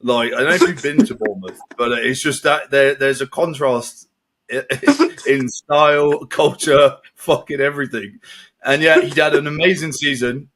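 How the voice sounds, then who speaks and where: A man's voice: mid-range voice, normal speed, a bit bright. A man co-hosting a casual podcast chat, swearing freely, laughing often and slipping into mock voices. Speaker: podcast co-host.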